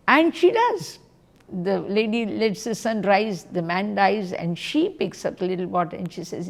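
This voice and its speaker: A woman, a spiritual teacher giving a religious talk, telling a story and acting out its quoted voices in an animated way. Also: on the high side, vocal fry.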